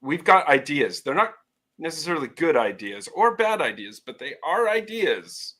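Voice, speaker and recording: A man's voice: fairly high pitch, sing-song, normal speed, pushed and bright. A man co-hosting a casual podcast, joking around and giggling through the banter. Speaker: podcast co-host. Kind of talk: casual live-stream chat.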